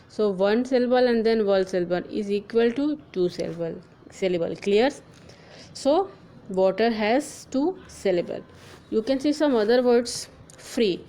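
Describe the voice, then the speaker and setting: A woman teacher giving a grammar lesson, spelling letters out slowly and often checking in with "clear?" and "okay". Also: a little high, dark tone, low-quality recording.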